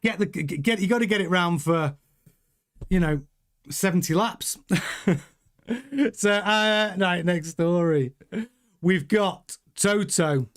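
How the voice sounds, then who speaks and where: A man hosting a racing news show with a high voice. He talks loosely and jokingly, often restarting his sentences as he goes. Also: slow, long pauses, clear, resonant tone. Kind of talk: casual news commentary with live chat.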